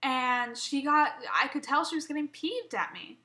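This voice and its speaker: A woman's voice: sits high, animated, normal speed, sharp tone. A young woman vlogging an emotional personal rant, rambling and swearing, often stumbling and restarting.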